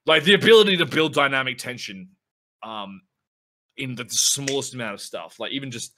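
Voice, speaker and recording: A man co-hosting a podcast in casual chat, excitable and rambling, swearing a lot as he talks. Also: mid-range voice, moderate pace, noisy background. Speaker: podcast co-host.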